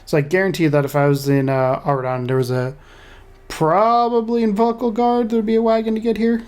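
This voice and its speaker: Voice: mid-range voice, little pitch movement, fairly quick, darkish tone, clean tone. A gamer casually commenting on their own play, chatty and talking to the screen. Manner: chatty, talks to self and the game. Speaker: let's play host.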